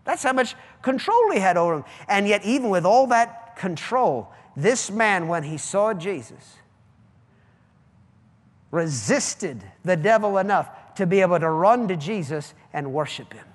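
Sex: man. Role: pastor. Style: fiery sermon. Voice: very high for a man. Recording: long church-hall reverb. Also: sing-song, unhurried. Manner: preaching with sudden loud, high outbursts and quieter asides. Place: church sanctuary.

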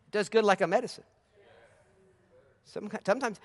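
A man preaching a lively sermon, laughing often and calling out hallelujah. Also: high-pitched, normal speed, pauses often.

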